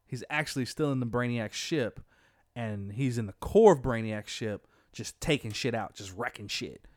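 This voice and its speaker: Animated man retelling a story, dry sound. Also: mid-range voice, normal speed, dry recording. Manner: animated storyteller, quotes characters in his own voice. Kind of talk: casual retelling of a comic book plot.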